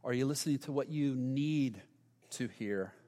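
A man preaching a sermon, telling a story in a lively way and acting out the quoted lines. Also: medium pitch, moderate pace. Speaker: pastor. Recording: long reverb of a large hall.

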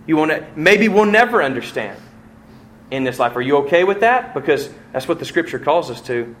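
A middle-aged man preaching to his church at a mid pitch, voice rising and falling as he acts out the stories he tells. A faint hum of room noise sits behind him. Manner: storytelling with vivid acted-out quotes and swings in loudness. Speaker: pastor. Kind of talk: sermon.

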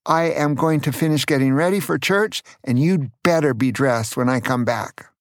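An older man voicing a mother of a small boy, strict but loving, in a gravelly voice. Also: medium pitch, normal speed, no room sound, clean studio sound, lightly acted. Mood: angry. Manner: stern then apologetic.

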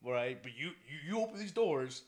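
A man's voice: mid-range voice, lively intonation, a little fast. A young man chatting casually and profanely, rambling with many restarts and laughing often.

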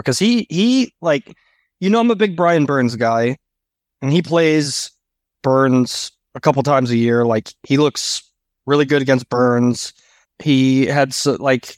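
A man with a mid-range voice argues a point on a football podcast. He talks quickly and haltingly, leaning on fillers. The recording is dry. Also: mid-range voice, dry recording. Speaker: analyst guest. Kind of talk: casual sports debate.

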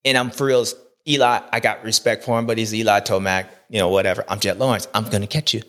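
A man's voice: fairly low pitch, fairly even intonation, fast talker, a bit bright, voice pushed down, close to an everyday voice. A man doing an impression of a cocky young male rider who rambles in slang and keeps contradicting himself.

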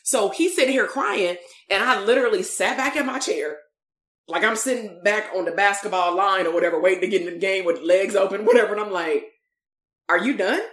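A woman's voice: medium pitch, brisk, fairly bright tone, reverberant. Blunt, emphatic woman coach. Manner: blunt, storytelling, emphatic, swears casually. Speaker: coach and therapist. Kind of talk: live-streamed motivational talk.

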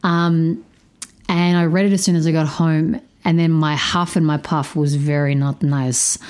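A woman with a slightly low voice hosts a podcast and tells a personal story with open candour. She swears freely, and her pace keeps shifting between quick and drawn out. She sounds a bit drained of energy. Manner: animated, changes pace often. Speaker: podcast host.

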